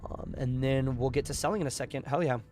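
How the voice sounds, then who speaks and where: A young man streaming a space game live, chatting casually with his viewers, his voice a bit strained from yelling, with bursts of excitement. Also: medium pitch, fast, slight background noise. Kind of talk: casual live gameplay commentary.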